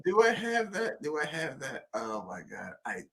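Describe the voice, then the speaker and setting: A man hosting a casual call-in livestream, energetic and quick to laugh. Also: a little high, vocal fry, a crowd in the background. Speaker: livestream host.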